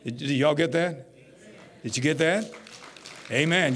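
A middle-aged man preaching a folksy, animated sermon as pastor. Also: a little high, measured pace, long pauses. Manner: folksy, animated, rising to near-shouts.

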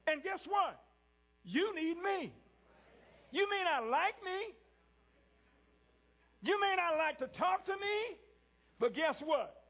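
A man preaching a sermon to a congregation in a church, swinging from loud peaks to hushed lows and speaking straight to the people in the pews. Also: animated, slow, pauses often. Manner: talks directly to the congregation.

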